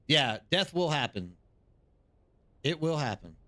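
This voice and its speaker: A man's voice: a little high, pushed and bright, no echo. Tired, rambling male streamer. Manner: rambling, answers chat by name. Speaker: live streamer. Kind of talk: casual live stream chat.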